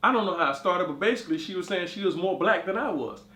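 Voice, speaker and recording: A man's voice: high voice, quick pace, reverberant. A man with a cold and a stuffy nose telling a comic story to camera, acting out each voice in it. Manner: animated, acts out every voice in the story. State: congested with a cold. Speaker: comedy vlogger.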